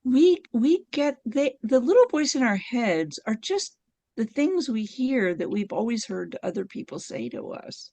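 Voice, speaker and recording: A middle-aged woman speaks as a podcast guest, telling her stories with animated energy and frequent laughter. Her voice has a gravelly edge and swings widely up and down in pitch. The sound is close and dry, with no room behind it. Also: measured pace, no echo. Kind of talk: conversational storytelling.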